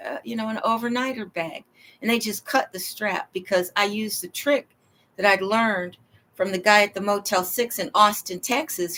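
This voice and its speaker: A woman talks straight to the camera in a personal monologue. She rambles and stresses her points, and her voice sits at an ordinary middle pitch. She acts out the lines of the people in her story. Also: fairly bright tone. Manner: rambling, emphatic, acts out quoted dialogue.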